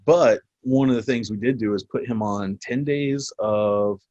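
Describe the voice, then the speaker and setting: A man in his forties with a lowish voice tells old service stories in a loose, profane way, laughing often as he goes. The sound is close and dry, with no room around it. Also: a little slow, dry recording, muffled recording. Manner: profane, animated storyteller who laughs often. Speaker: military veteran guest. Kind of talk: casual storytelling interview.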